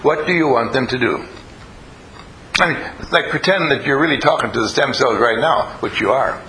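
A man's voice: medium pitch, moderate pace, bright, forceful tone, low-quality recording. A man leading a live group, questioning and coaxing the audience and telling stories as he teaches. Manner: storytelling. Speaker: group leader teaching a class. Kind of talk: interactive talk to a live group.

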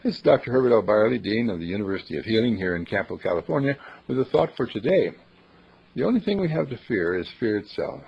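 A man's voice: lowish voice, animated, quick pace, creaky, breathy edge. A man, a university dean, telling a folksy, dramatic story as a thought for the day, on a dull lo-fi recording. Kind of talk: storytelling talk.

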